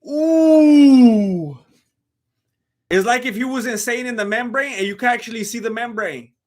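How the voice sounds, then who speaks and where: A man hosting a live stream, reacting to a fight with excitable, teasing commentary. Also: very high-pitched, quick pace. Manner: excitable, laughs often, teasing.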